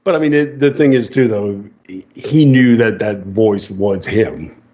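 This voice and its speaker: A man co-hosting a casual radio chat about movies, talking with lively energy and laughing often. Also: fairly low pitch, measured pace. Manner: animated, acts out quotes with laughs. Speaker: radio co-host. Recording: dull lo-fi radio audio.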